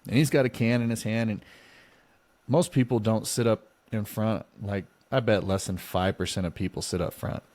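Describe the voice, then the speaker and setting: A man's voice: fairly low pitch, normal speed, no room sound. A man co-hosting a podcast, casually telling a story and acting out the dialogue. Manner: animated, acts out both sides of dialogue. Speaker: podcast co-host.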